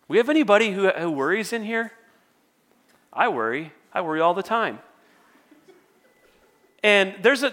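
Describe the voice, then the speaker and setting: High-voiced man preaching a casual sermon. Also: sharp tone. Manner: conversational storytelling with self-deprecating humor. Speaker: worship pastor. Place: in front of a church congregation.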